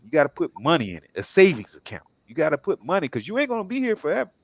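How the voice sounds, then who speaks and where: A man on a discussion panel speaking in a measured, sermon-like way, with many filler pauses. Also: fairly high pitch, wildly swooping pitch, breathy edge, dry recording. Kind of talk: preachy panel talk.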